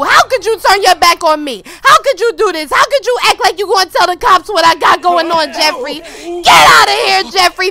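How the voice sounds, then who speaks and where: A young woman hosts a let's play video and fills it with loud, playful trash talk and slang. Her voice sits very high and swings all over as she talks. It has a bright, sharp edge to it. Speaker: gaming video host.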